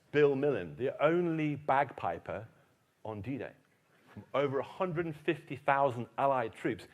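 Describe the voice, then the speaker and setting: A man giving a lively public lecture on history, telling stories emphatically. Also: medium pitch. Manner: animated storyteller, emphatic. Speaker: keynote speaker, historian.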